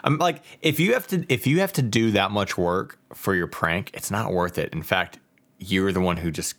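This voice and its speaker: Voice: low voice, moderate pace, fairly bright tone. A podcast co-host in casual chat, teasing the others and laughing easily.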